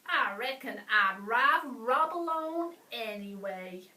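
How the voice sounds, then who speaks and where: A woman's voice: fairly high pitch, lively intonation, slow, sharp tone, far from the mic, full character voice. A woman voicing a smelly, boastful male cowboy bandit with a folksy drawl, reading a storybook aloud. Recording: echoey room, voice off-mic.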